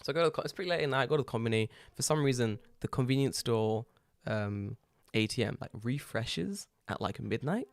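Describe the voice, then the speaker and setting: A man's voice: medium pitch, brisk, gravelly, few pauses, dry recording, clean studio sound. A man from England, co-hosting a podcast and telling stories in casual chat, swearing freely and laughing often. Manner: profane, animated storytelling with frequent laughter. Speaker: podcast co-host.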